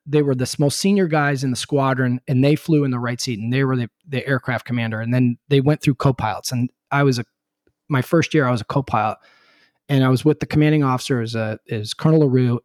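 A middle-aged man from Connecticut tells stories in an animated, laughing way, often breaking off to restart. His voice sits at an ordinary pitch. The recording is close and dry, with no room sound. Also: a little fast, no room sound. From Connecticut, USA. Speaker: podcast guest, former presidential helicopter pilot. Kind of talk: casual storytelling chat.

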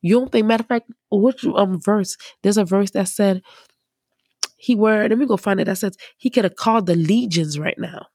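A woman preacher talks through scripture in a conversational, emphatic way, with her pitch in a middle range. The sound is dry and close, with no room behind it. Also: moderate pace, darkish tone, husky, no echo. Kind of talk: casual Bible teaching.

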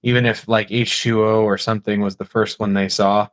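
Male podcast guest, low voice, relaxed and easygoing delivery. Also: brisk. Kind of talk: casual podcast chat.

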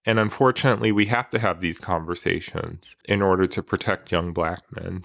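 A man who works as a counselor, speaking in a measured, earnest way and reading aloud from a book he is sharing. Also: low-pitched, fairly bright tone, no echo, studio quality. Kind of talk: reflective talk with book reading.

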